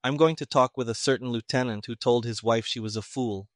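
A man reading a story, voicing a calm male civilian investigator who speaks tonelessly and deliberately. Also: mid-range voice, no echo, studio quality, natural voice. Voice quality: toneless, flat. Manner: slow, deliberate, sparing with words.

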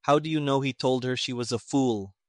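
A man voicing an irritable, sarcastic male army colonel who speaks gruffly and emphatically. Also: medium pitch, a little fast, a little mellow, no echo, studio quality, close to an everyday voice.

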